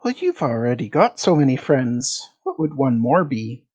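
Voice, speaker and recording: Woman doing a sly, low-voiced fey dragon. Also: very animated, a little mellow, slightly rough, muffled recording, heavily acted. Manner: slow, teasing, sly dealmaker. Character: cunning bargaining fey dragon.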